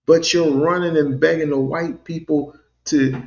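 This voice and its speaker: A man's voice: on the high side, fairly even intonation, unhurried, vocal fry, a little mellow, muffled recording. A man co-hosting a livestream call-in, lecturing emphatically. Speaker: livestream co-host. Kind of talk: call-in commentary.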